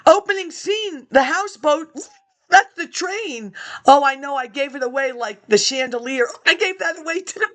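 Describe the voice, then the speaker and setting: A high-pitched woman talks casually to her viewers in a loose, rambling monologue. She skips from one thought to the next and chuckles at her own remarks. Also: animated, moderate pace, fairly bright tone. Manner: chatty, jumps between topics, chuckles to herself.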